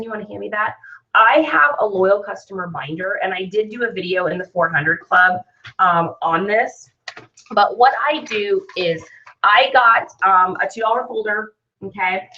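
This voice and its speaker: Through a slightly distant mic and dull lo-fi sound, a woman hosts an online business training, chatting upbeat and often asking "right?". She's the host and sales trainer, with a sharp-toned mid-range voice.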